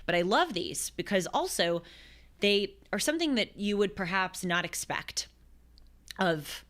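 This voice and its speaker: A woman in her twenties hosting a show, telling a gospel story in a lively conversational way with quick asides and acted quotes. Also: medium pitch. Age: 20s. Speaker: host. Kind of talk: conversational religious commentary.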